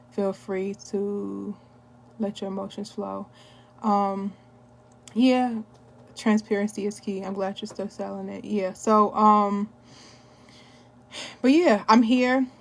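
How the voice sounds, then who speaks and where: A young adult woman recording a candid personal testimony at home, telling her story with repetition and talk of prayer. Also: mid-range voice. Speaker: wellness product seller.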